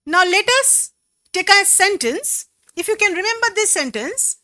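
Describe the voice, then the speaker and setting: A woman teacher with a Bengali accent talks slowly and patiently, spelling words out syllable by syllable. Her voice is high and bright, rising and falling a great deal. The recording is dry and close. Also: animated, no echo. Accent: Bengali-accented English. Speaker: English teacher. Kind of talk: classroom lesson explaining poetry.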